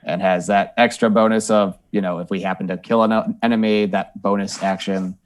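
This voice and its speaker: A man playing a tabletop game, calmly describing the spell he casts. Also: on the low side, brisk. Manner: matter-of-fact, describing his actions. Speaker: player.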